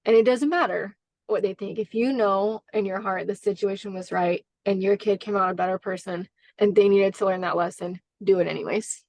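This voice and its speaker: A woman coach shares a story on a podcast, her voice pitched in the middle range for a woman. She talks in an earnest, heartfelt way, stopping often to restart her sentences. The sound is dry and close, with no room echo. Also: steady tone, brisk, a little mellow. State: briefly emotional. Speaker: basketball coach, guest. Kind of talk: conversational interview storytelling.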